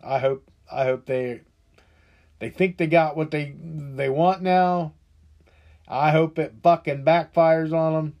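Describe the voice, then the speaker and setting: A middle-aged man with a somewhat high voice rants on his podcast. He is frustrated and profane, and he rambles, often restarting his sentences as he vents. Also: fairly even intonation, slow, a little mellow. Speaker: podcast host. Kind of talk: angry political rant.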